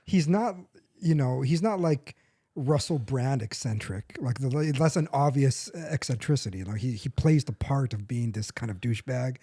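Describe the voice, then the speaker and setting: Mellow-voiced man in rambling chat. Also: medium pitch, animated, moderate pace, breathy edge, no room sound, clean studio sound. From United States. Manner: rambling, self-correcting, laughs often. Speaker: podcast co-host. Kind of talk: casual chat.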